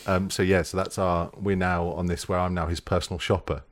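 A male podcast host with a fairly low voice. He talks in a relaxed, chatty way and tells stories with a teasing edge. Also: brisk. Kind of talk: casual chat.

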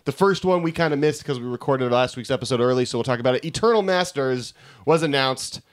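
A man's voice: medium pitch, fast talker. A man co-hosting a casual podcast. He sounds eager and laughs easily. He keeps the conversation rolling with upbeat energy. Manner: excitable, laughs often. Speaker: podcast co-host.

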